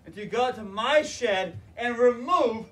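A man's voice: extremely high pitch, expressive, moderate pace, voice pushed up. A man putting on a scolding grandmother. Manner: sharp, scolding. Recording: roomy, distant mic, faint noise.

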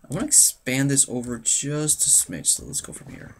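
A man's voice: mid-range voice, very animated, normal speed, slight background noise. Young guy rambling thru his game, voice bouncing up n down, keys clicking faintly. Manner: chatty and playful, talks to himself, hums. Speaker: let's play host. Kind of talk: casual gameplay commentary.

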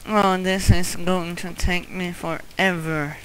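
Slow-talking excitable gamer. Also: medium pitch, a little hiss or hum, low-quality recording. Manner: excitable, gasping and swearing at the game; talks to viewers. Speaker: gamer playing a custom map. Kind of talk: casual let's-play commentary.

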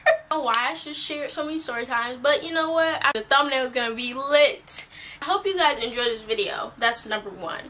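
A teenage girl vlogging casually, telling a rambling, animated story full of fillers. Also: high-pitched, fairly quick, slight background noise. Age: teen.

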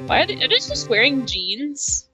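A woman's voice: high voice, wildly swooping pitch, normal speed, bright, forceful tone, faint music behind. A woman casually playing a game with a friend, teasing and dry. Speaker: co-player. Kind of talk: casual gaming chat.

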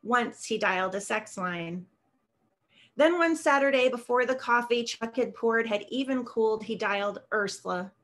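A woman author reading her own short story aloud in a measured, steady way on a video call. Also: a little high. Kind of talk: literary reading.

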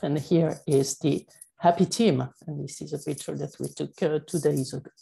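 A woman with a French accent giving a conference presentation, speaking haltingly with many fillers and self-corrections. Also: low-pitched, fairly even intonation, vocal fry, mellow, slightly rough, rough recording. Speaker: panel speaker.

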